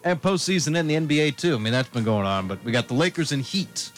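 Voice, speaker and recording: A man's voice: medium pitch, lively intonation, fast, hardly any pauses, faint music behind. Man hosting sports radio. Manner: chatty, runs through picks in lists. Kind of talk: casual sports talk radio.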